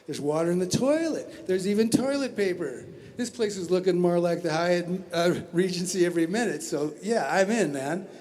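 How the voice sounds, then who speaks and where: A man's voice: high-pitched, normal speed, few pauses, a little mellow. A man telling a wry, conversational travel story at a talent show, full of asides and restarts. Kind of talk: spoken storytelling. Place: community center stage.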